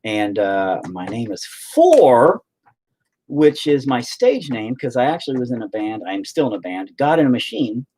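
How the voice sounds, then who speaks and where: A man's voice: mid-range voice, very animated, normal speed, warm tone, slight background noise. A man in his forties chatting casually on a live stream, rambling, profane and sarcastic. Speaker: live-stream host and musician.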